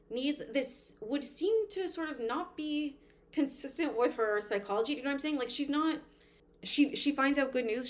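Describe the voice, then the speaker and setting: Chatty woman co-hosting a book podcast. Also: sits high. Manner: animated, uses "like" often, reads passages aloud. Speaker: podcast co-host. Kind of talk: casual book discussion.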